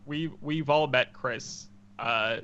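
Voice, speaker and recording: A man's voice: mid-range voice, takes it slowly, bright, forceful tone, dull audio. A man co-hosting a gaming podcast in casual chat, chuckling often and swearing casually. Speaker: podcast co-host.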